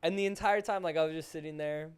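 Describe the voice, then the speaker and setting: A young man hosting a podcast, telling a story in a casual, animated way full of "like" and acted-out voices. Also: fairly high pitch, quick pace, smooth. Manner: animated, full of "like", acts out voices in his stories. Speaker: podcast host.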